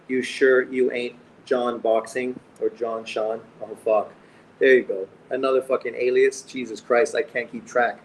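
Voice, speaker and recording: A middle-aged Canadian man hosts a boxing livestream, reading viewer comments and joking bluntly while swearing constantly. His mid-range voice is level and a little slow, captured on a streaming mic with poor audio and slight background noise.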